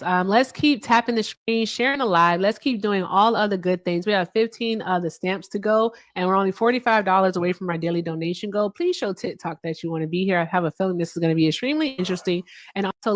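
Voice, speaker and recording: A woman with a mid-range voice, recorded dry, hosts a casual livestream. She chats in a playful, teasing way and laughs often.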